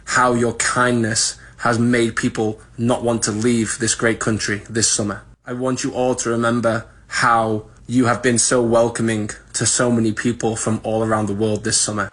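British man, husky, earnest speechy message. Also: medium pitch, level tone, normal speed, a bit bright.

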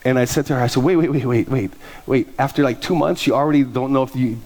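A middle-aged man, a pastor, preaching a sermon through lively personal stories and acting out the people he quotes. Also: medium pitch, quick pace. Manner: animated, acts out quoted voices, laughs at his own stories. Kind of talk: sermon storytelling.

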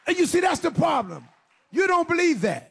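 A man preaching a sermon, questioning his listeners directly and swinging from low, slow passages into shouted, sing-song preaching. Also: sing-song, gravelly. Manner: addresses the congregation with direct questions.

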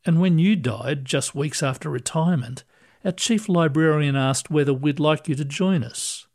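A man voicing a kindly older male ghost who explains things patiently and gently. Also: fairly high pitch, moderate pace, natural voice.

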